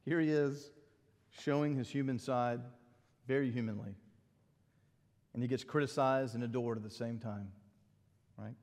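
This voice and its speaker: A middle-aged man, a pastor preaching a sermon in an animated, conversational way with asides. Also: mid-range voice, normal speed, long pauses, in a large hall.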